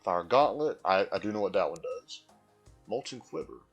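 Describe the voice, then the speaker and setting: A man's voice: sits low, animated, normal speed, slightly rough, highs cut off, soft background music. A man live-streaming a video game, chatting casually and answering viewers from chat.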